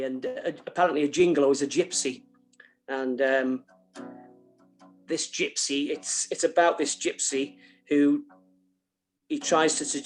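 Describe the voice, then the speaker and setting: A man's voice: a little high, darkish tone. A man at a folk club session on a video call, chatting with many ums as he introduces a traditional song and then sings it unaccompanied. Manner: chatty and hesitant between songs, with many ums.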